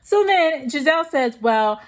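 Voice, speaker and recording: High-voiced woman vlogger ranting about a reality show recap, emphatic, talking right at viewers. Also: lively intonation, measured pace. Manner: emphatic, talks straight to viewers. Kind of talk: opinionated rant recap.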